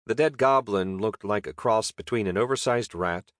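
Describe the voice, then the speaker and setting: A man's voice: on the low side, normal speed, no echo. Dry-voiced wry male audiobook narrator. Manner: wry, deadpan storytelling.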